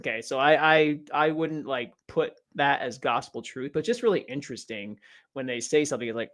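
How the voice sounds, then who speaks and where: A man's voice: medium pitch, fairly quick, a bit bright. A man co-hosting a live podcast, chatting casually in a playful, teasing way and laughing often. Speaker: podcast co-host.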